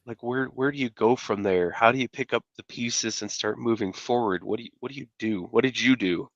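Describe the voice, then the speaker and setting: Soft-spoken male interview host, halting delivery, dry muffled recording. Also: mid-range voice, no echo. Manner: gentle, halting, many fillers. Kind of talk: interview talk. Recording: dull, dry sound.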